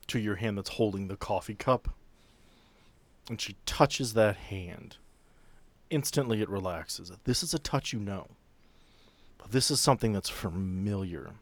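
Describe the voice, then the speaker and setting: A man runs a tabletop role-playing scene as game master, describing each moment in a measured way. His voice is low and the sound is dry and close. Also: no room sound.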